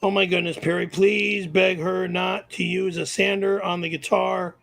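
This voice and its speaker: A middle-aged man on a livestream, prone to loud profane outbursts, with a gravelly voice. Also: sits high, level tone, normal speed. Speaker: show regular. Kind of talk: livestream banter.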